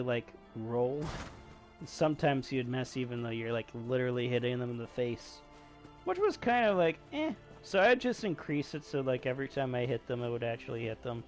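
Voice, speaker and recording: A young man giving excitable, jokey commentary while playing a video game. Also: fairly high pitch. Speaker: gaming streamer. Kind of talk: casual gameplay commentary.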